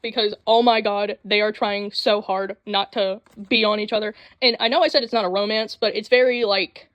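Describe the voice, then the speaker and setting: A young woman rambling excitedly about anime in a casual vlog, full of fillers and sudden jumps in voice. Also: mid-range voice, no room sound, muffled recording. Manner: rambling, excitable, with frequent fillers and quick voice switches. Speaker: anime vlogger. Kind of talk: casual chat. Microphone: phone mic.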